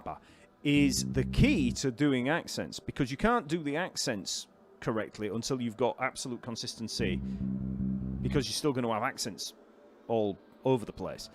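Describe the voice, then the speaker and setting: A man teaching a live online bass lesson, explaining technique in a relaxed way, counting beats aloud and answering questions from the chat. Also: moderate pace, soft background music.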